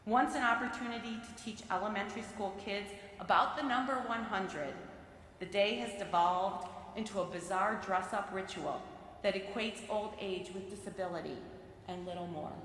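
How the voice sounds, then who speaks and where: A woman giving a sermon from the pulpit of a large synagogue sanctuary, reading prepared remarks in a measured, earnest way. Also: medium pitch, a bit bright, a little hiss or hum. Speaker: lay speaker giving a sermon. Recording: very echoey sanctuary with long reverb.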